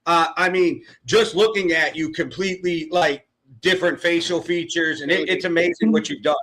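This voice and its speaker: A man's voice: fairly high pitch, steady tone, normal speed, poor audio. A man hosting a podcast, talking casually and praising his guest. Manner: warm, praising. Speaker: podcast host. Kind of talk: casual chat.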